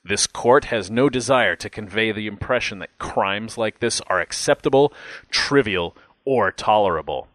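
A man voicing a stern elderly male judge, speaking in a formal, measured way. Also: on the low side, lively intonation, fairly bright tone, no echo, rough recording.

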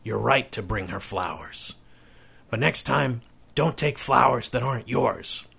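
A man voicing a lonely old man who is secretly Santa Claus, gentle, kindly and a little mischievous. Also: mid-range voice, animated, measured pace, vocal fry, breathy edge, heavily acted. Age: older. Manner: gentle, kindly, with sly warnings.

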